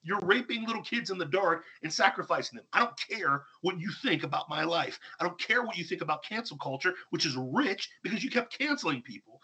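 A man's voice: high-pitched, lively intonation, fairly quick, sharp tone, breathy edge. A man hosting a talk show, ranting sarcastically and with heavy emphasis. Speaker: podcast host. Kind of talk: heated opinion talk.

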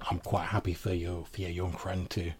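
A man's voice: deep voice, level tone, normal speed, a little mellow, breathy edge. A man voicing a proud, courteous old female vampire crone who speaks formally and often repeats words. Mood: cautionary. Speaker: game master.

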